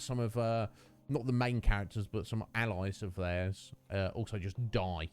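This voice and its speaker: A man's voice: lowish voice, fairly even intonation, moderate pace, clean tone, soft background music. A man streaming a video game, chatting casually and rambling through a rant with lots of fillers. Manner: rambling, ranting, many fillers.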